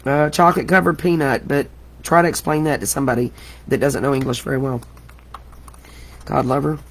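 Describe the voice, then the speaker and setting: A middle-aged woman talks her way through a live craft demo, rambling and exclaiming as she works. Her voice has a gravelly, fry-tinged edge, and she keeps cracking herself up. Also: a bass voice, fairly even intonation, brisk. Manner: chatty, exclamatory, laughs at herself. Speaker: crafting host. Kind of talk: live craft tutorial chat.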